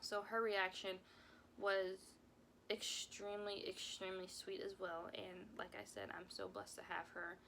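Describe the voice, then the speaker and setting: A woman's voice: mid-range voice, level tone, measured pace, gravelly, pushed and bright, slight background noise. A young woman telling a personal story time on her vlog, emotional and rambling, often repeating herself. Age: young adult. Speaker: vlogger.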